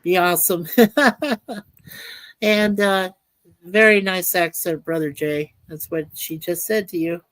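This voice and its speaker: A woman's voice: lowish voice, fairly even intonation, a little slow, pauses often, a bit bright. Earnest woman hosting a livestream. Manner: earnest, heartfelt, reads out viewer comments. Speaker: livestream host. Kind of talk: casual livestream chat.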